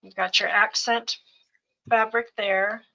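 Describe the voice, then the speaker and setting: A middle-aged woman slowly showing off craft supply bundles piece by piece on a live sales show. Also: mid-range voice, little pitch movement, gravelly, bright, forceful tone, lo-fi sound. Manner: unhurried, listing items one by one.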